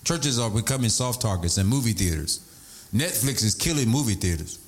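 A male pastor preaching a sermon, animated, shouting at times and sliding into a sing-song high voice. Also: fairly quick.

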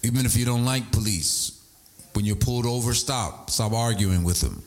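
A male pastor preaching a sermon, animated, shouting at times and sliding into a sing-song high voice. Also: moderate pace.

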